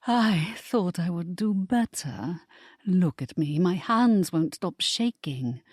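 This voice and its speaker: A woman's voice: on the low side, animated, slow pace, a little mellow, husky, dry recording, clean studio sound, voice pushed up, heavily acted. An audiobook reader voicing a timid young noblewoman who talks in a shaky, anxious way. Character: timid young noblewoman, fearful, self-doubting.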